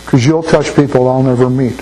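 A man's voice: medium pitch, fairly even intonation, brisk, mellow, rough recording. An older man preaching a sermon in a folksy, anecdotal way, often repeating words as he thinks. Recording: faint mains hum.

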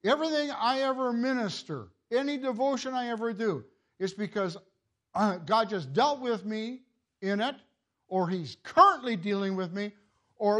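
An older man giving a sermon in a halting, repeating way, chuckling at his own family stories. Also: high voice, bright, forceful tone. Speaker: preacher.

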